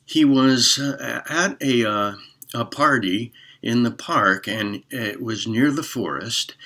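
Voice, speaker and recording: A man's voice: medium pitch, a bit bright. A man retelling a fable in a casual, rambling way full of fillers and restarts. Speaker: storyteller. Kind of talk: casual spoken storytelling.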